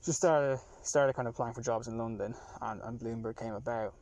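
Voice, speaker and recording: A young Irish man in his twenties, a taxi passenger explaining things in relaxed casual chat, with many fillers and restarts. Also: medium pitch, brisk. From Ireland. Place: inside a taxi.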